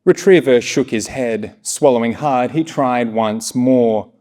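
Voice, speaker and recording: Man, story narrator, live reading, steady, soft-spoken. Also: mid-range voice, slow. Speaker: story reader.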